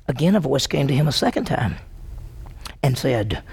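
A pastor delivers a sermon in a gravelly, mid-pitched voice. The telling is vivid and dramatized, with frequent questions put straight to the congregation. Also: sing-song, fast talker, darkish tone. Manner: storytelling, acting out the dialogue; emphatic, asks the congregation questions.

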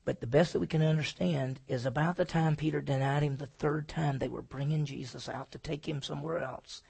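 Male pastor, slightly high gravelly voice, husky; preaches loud then drops to a hush. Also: fairly even intonation, fairly quick. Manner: swings from loud emphatic preaching to hushed, near-whispered lines; asks the congregation questions and answers them himself. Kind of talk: sermon.

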